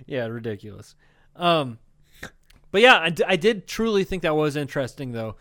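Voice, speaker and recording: A male comedy podcast co-host chatting loosely, with a voice that sits a touch high. He swears a lot and keeps breaking into laughter. Now and then he slips into goofy voices. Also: very animated, measured pace, sharp tone. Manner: profane, giggly, laughs often and puts on silly voices. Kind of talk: casual comedy podcast chat.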